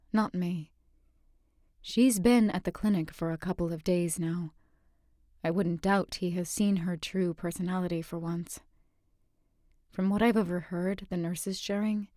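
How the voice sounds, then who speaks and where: Low-voiced woman narrating an audiobook. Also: warm tone, dry recording, clean studio sound. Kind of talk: first-person audiobook narration.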